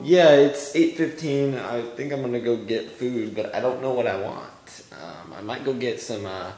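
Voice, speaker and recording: A man's voice: lowish voice, a little mellow, echoey room. A young man who has just woken up, rambling and swearing through a casual video message to his girlfriend from his room. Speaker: vlogger. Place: room at home.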